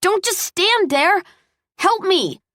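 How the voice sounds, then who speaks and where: A woman voicing a furious, tipsy young college woman yelling shrill protests in an audiobook. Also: lively intonation, takes it slowly, no room sound, clean studio sound, exaggerated voice.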